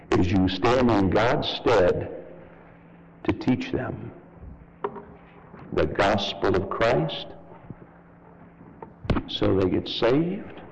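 Fervent male preacher, swinging pitch. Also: creaky, in a large hall, lo-fi sound. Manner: fervent preaching with sharp rises and drops in pitch. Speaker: pastor. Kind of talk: sermon. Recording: loud background noise.

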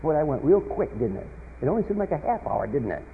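A man preaching a sermon, telling a story with swings from loud emphatic peaks to quiet asides, recorded in a church hall and heard over an old radio broadcast. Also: on the high side, sing-song, quick pace, creaky, slight background noise. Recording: tinny lo-fi radio broadcast with long hall reverb.

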